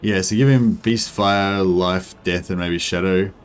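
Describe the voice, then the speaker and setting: Here a young Australian man talks through a strategy game on stream, meandering and leaning on fillers while he responds to chat. He sits low in pitch, with a steady, smooth tone and a slightly slow delivery.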